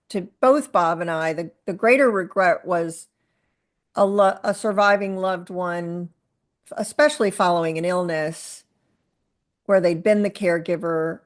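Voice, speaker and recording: A middle-aged woman speaking as a guest in an interview, earnest and halting, with frequent fillers and restarts. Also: fairly low pitch, dry recording. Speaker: guest, author and caregiver. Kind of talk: conversational interview.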